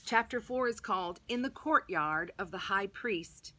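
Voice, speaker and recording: A Sunday school teacher reading a children's bible story aloud in first person, dramatic with hushed and loud turns. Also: female voice, mid-range voice, lively intonation, measured pace, a little hiss or hum.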